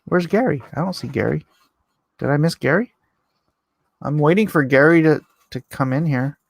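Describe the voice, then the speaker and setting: A man's voice: a little high, moderate pace, creaky, no echo. A man hosting a casual livestream, reading viewer comments aloud and chatting back in a rambling, self-deprecating way. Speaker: livestream host.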